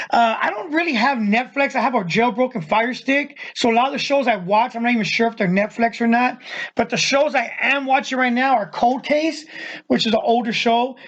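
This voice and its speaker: Rambling man answering fan questions. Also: high-pitched. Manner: rambling, plain-spoken, many fillers. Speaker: vlog host and youth wrestling coach. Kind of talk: casual solo Q&A. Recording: slightly dull lo-fi sound.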